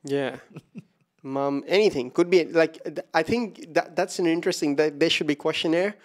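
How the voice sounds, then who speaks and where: A man who is a stand-up comedian, guesting on a casual podcast, riffing with restarts and acting out what other people say. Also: moderate pace. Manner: riffs with restarts, acts out quoted people in a lower voice. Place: podcast studio.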